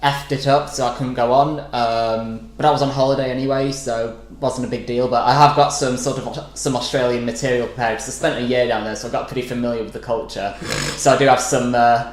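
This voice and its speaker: A man's voice: mid-range voice, steady tone, a little fast, few pauses. An English man in his late twenties, a comedian guest telling self-deprecating jokes in casual podcast chat. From England. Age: late 20s. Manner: self-deprecating, jokey storytelling. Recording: echoey room with faint noise.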